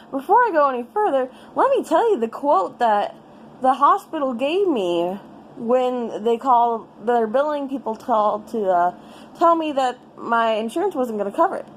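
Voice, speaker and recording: A woman's voice: fairly high pitch, slight background noise, poor audio. A young woman giving a casual personal update, rambling and frustrated, swearing freely as she vents. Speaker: vlogger.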